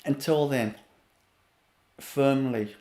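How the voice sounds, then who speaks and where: A man giving a spiritual webinar talk, laughing often between phrases and sinking to a soft low voice to show calm. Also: extremely slow, reverberant. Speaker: spiritual teacher.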